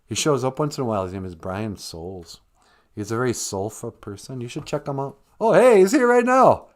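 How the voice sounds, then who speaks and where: A man's voice: mid-range voice, very animated, a little fast. A man hosting a livestream, chatting casually from home in a rambling, joking way. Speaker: livestream host. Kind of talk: casual chat.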